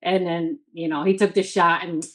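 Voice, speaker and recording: A woman's voice: fairly low pitch, level tone, moderate pace, rough recording. A woman in her thirties from the Midwest, telling a story as a guest in a casual interview, full of "like" and quoted self-talk.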